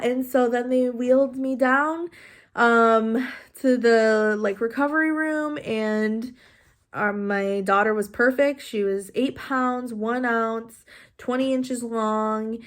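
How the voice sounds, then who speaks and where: A young woman vlogger telling a personal story in a casual, chatty way, animated and full of "like". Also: on the high side. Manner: chatty, animated, heavy use of "like".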